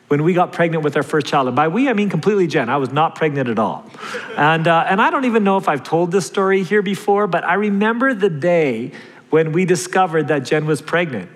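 A middle-aged man, a pastor, giving a sermon full of personal stories, told in a casual, self-deprecating way. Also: on the high side. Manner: conversational, self-deprecating storytelling with laughs. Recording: long hall reverb.

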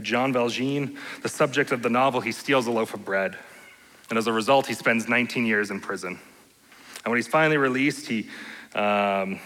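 A man preaching a sermon as pastor, earnest and steady, often checking in with his listeners by asking "right?". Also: mid-range voice, big-room sound, poor audio. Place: church sanctuary.

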